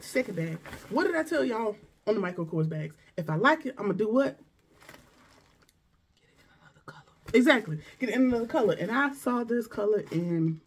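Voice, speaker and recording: A woman's voice: on the low side, a little mellow, husky. A woman vlogger chatting casually through a shopping haul, gushing and exclaiming over each item. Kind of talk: casual unboxing chat.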